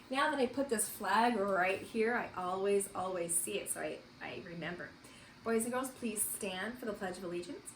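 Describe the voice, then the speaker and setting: A woman teaching a kindergarten morning meeting over distance learning, with a bright sing-song manner and frequent praise. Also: a little high, roomy sound, a little hiss or hum. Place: home.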